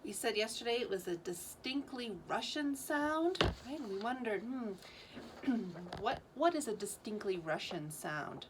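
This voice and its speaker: A woman's voice: on the high side, animated, unhurried, background noise. A woman giving the morning announcements at a school, speaking in a teacherly way and asking the students questions as she goes.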